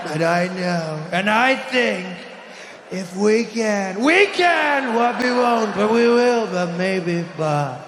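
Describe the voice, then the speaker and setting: A man's voice: sits high, expressive, takes it slowly. A man putting on a bombastic male president whose volume and inflection swing wildly as he rambles, in an echoey hall. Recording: echoey hall with background noise.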